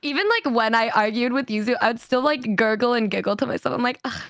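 Young woman, high voice, dry close mic, giggly rambling chat. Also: fast talker, a bit bright, no room sound. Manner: giggly, rambling, lots of fillers. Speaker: streamer. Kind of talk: casual chat.

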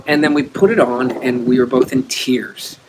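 A man's voice: mid-range voice, moderate pace, noisy background. A man co-hosting a live community stream, talking in an easygoing, rambling way and laughing often. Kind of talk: casual live-stream chat.

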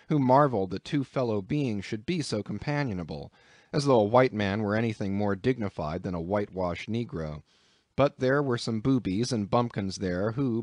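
A man reading a classic novel aloud as an audiobook narrator, measured and expressive. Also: on the low side, dry recording, studio quality.

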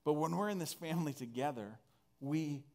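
A man's voice: a little high, normal speed, a little mellow. A man from northern Canada preaching a conversational sermon, earnest and full of restarts. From northern Alberta, Canada. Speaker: pastor.

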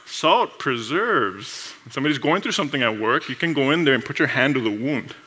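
A man preaching a sermon in a lively, conversational way, laughing often and acting out short exchanges with coworkers. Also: medium pitch, breathy edge. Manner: acts out coworkers' voices in quick asides. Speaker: pastor.

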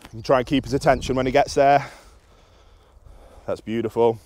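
A young man, a dog trainer, explaining a recall session in a calm and practical way, outdoors in an open field. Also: moderate pace. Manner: explains calmly, then bursts into high excited praise for the dog.

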